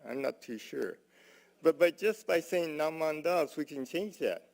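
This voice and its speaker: Soft-spoken man with a gravelly voice. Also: fairly high pitch, animated, unhurried. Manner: folksy, many "uh" and "you know", soft-spoken. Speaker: minister giving a Dharma talk. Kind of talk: gentle storytelling sermon. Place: temple hall.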